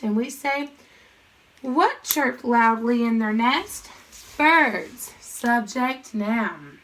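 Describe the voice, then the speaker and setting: A woman teaching a grammar lesson, chanting sentence parts in quick questions and answers and speaking to students directly. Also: a little high, animated, a bit bright, rough recording. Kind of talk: recorded classroom lesson.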